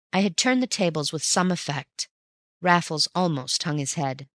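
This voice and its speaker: An audiobook narrator telling a classic story at a measured, even pace. The pitch sits in the middle. The voice is dry and close, with no echo. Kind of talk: scripted narration of a classic novel.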